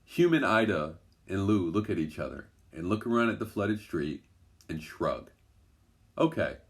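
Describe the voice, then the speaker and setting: A man reading a children's adventure story aloud in a gentle, even storytelling manner. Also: sits low, moderate pace. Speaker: storybook narrator.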